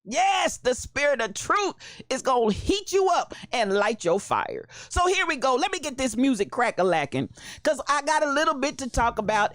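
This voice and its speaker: A woman hosting a casual livestream, greeting viewers by name in a playful, animated way with frequent laughter. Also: sits high, normal speed, soft background music. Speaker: livestream host.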